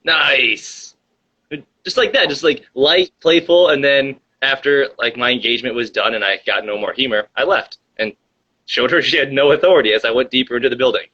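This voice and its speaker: A man guesting on a casual chat show, making quick teasing jokes. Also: mid-range voice, pushed and bright, slightly rough, muffled recording. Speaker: guest streamer.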